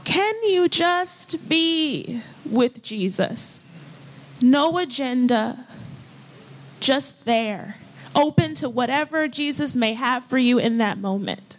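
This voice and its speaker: A woman preaching to her congregation in a church hall, her voice sitting a little high. She speaks gently and without hurry, pausing often as she invites people into quiet reflection. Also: expressive. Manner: gentle and unhurried, with pauses and invitations. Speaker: pastor. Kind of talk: sermon leading a guided scripture practice. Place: church hall with folding chairs.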